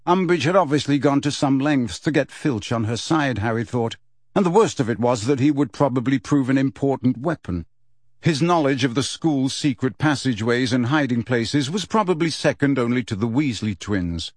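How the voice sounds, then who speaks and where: A man reading a children's fantasy novel aloud as narrator, in a measured storytelling manner. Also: medium pitch, lively intonation, no room sound, studio quality. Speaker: audiobook narrator. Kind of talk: scripted narration.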